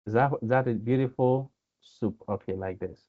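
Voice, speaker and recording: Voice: mid-range voice, moderate pace, phone-quality sound. A coding instructor from Ghana, teaching in a live-streamed lesson. The instructor is chatty, laughs often and reads out the viewers' chat.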